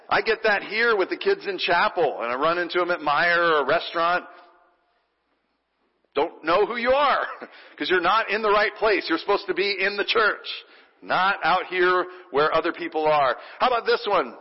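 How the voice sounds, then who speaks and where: A pastor preaching a sermon in a church, playful and animated, leading the congregation in call and response. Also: male voice, high-pitched, normal speed. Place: church sanctuary. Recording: dull recording with long hall reverb.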